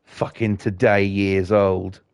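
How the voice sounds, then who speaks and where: A man's voice: sits low, little pitch movement, slow, creaky, a little mellow, clear, resonant tone. A middle-aged man giving fired-up, rambling, profanity-heavy commentary while he streams a game. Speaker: gaming streamer. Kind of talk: ranting commentary while gaming.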